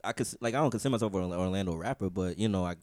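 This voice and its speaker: A man's voice: low-pitched, racing, a little mellow, dry recording, studio quality. A man from Miami, a rapper guest, chatting loosely on a podcast with slang and swearing. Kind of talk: casual podcast chat.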